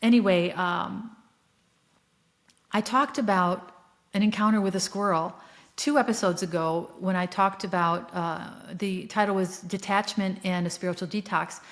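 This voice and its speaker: A woman talking alone on her podcast, her voice sitting at an ordinary middle pitch. She tells a personal spiritual story in an earnest, reflective way, often pausing on fillers and breaking into soft laughs. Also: steady tone. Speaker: podcast host.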